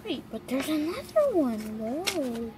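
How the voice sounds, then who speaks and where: A woman narrating a toy doll shopping game in a chatty, halting way with plenty of fillers, on a noisy home recording. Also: high voice, sing-song. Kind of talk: playful toy role-play narration.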